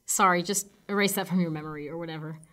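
A woman's voice: lowish voice, steady tone, fast, a bit bright, close to an everyday voice. A woman voicing an earnest, self-conscious young college music student in a game. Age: young adult.

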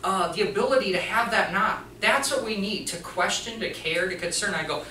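Before an audience in a presentation room, a mechanics teacher gives an animated storytelling talk, acting out the dialogue of the other people in his story. His mid-range voice moves fairly quickly. Captured from a distance in an echoey room, the audio carries a little hiss or hum.

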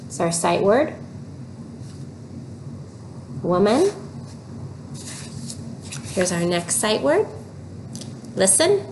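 A woman teaching an early reading lesson, giving slow, clear prompts and repeating cues for children to read aloud. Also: mid-range voice, big pitch swings, poor audio. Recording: noticeable background noise.

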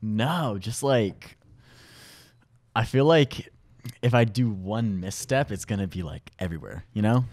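A young man from Washington State, a podcast guest in casual chat, telling animated stories and laughing often. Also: lowish voice, a little slow.

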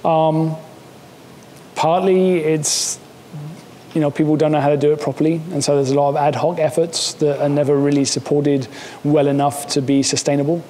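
A man's voice: on the high side, flat delivery, moderate pace, mellow, big-room sound, slight background noise. A man giving a seminar talk, casual and joking, with many fillers and restarts. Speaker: seminar speaker. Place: lecture hall.

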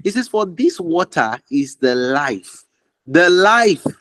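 A man's voice: fairly high pitch, big pitch swings, slow, a bit bright, no echo, low-quality recording. A man ministering prophetically over a call, declaring fervently with much repetition and sometimes dropping to a whisper.

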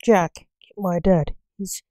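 A woman's voice: fairly low pitch, fairly even intonation, slow, warm tone, no echo, clean studio sound. A woman voicing a distraught father who speaks in a shaken, pleading way, in an amateur story reading. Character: distraught father, man, anxious.

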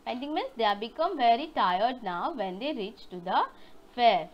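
A woman's voice: on the high side, animated, dull audio. A woman teaching young children online, retelling a story and asking them questions. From India. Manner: slow storytelling with questions to kids.

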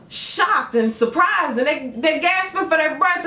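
A woman doing a casual tarot reading for her channel, chatty and animated as she tells a story. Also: high-pitched, normal speed, few pauses. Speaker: tarot reader. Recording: echoey room with faint noise.

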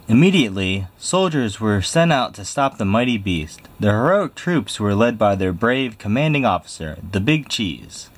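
A man reading a picture book aloud in a lively, expressive way. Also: fairly low pitch, moderate pace, hardly any pauses. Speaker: storybook reader.

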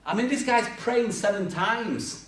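Male preacher, animated storyteller, recorded from afar in a reverberant hall. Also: sits high, measured pace. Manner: lively storytelling with acted-out voices and humor. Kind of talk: sermon. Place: church hall. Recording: echoey church hall from far off.

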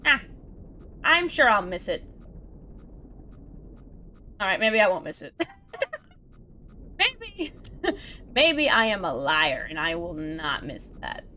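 Bright-voiced woman gaming, lively and unhurried. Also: mid-range voice, a little hiss or hum. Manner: self-mocking, talks to herself, laughs often; exasperated sighs and outbursts at the game. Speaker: let's play gamer. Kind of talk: casual gameplay commentary.

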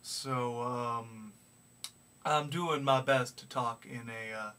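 A young man vlogging in a put-on gentlemanly Southern accent, speaking slowly and formally with many hesitant pauses from a small practice room. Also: medium pitch, fairly even intonation, smooth. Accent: put-on gentlemanly American Southern. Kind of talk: casual video diary. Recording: distant mic with faint background noise.

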